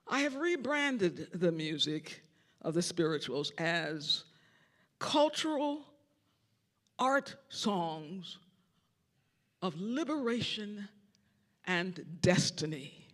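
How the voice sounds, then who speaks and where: An older man tells stories from the stage of a big concert hall, his voice riding high and swooping all over the place. He is a church organist and choir director, animated, singing little bits of tunes as he goes. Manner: animated, sings snippets and acts out quotes. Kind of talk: storytelling lecture.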